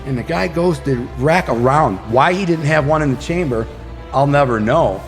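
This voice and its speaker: A man's voice: a little high, normal speed. A man from Detroit telling a street story in a vivid, slangy way, acting out scenes with sound effects. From Detroit, United States. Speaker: podcast guest. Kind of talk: casual storytelling. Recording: long hall reverb, faint music behind.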